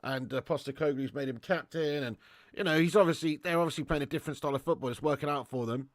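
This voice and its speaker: A matey man runs a live football watch-along, reading out fan messages in loose slangy chat. His voice sits a little high for a man and sounds close and dry, with no room echo. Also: fast. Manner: chatty and matey, laced with slang and swearing. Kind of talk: live stream chat reading super chats.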